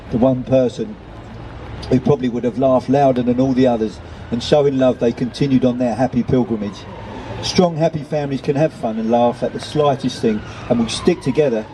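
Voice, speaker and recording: A man's voice: mid-range voice, dark tone, slight background noise, poor audio. A man reading a children's story aloud, with chatty self-deprecating asides to the listeners. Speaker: reader.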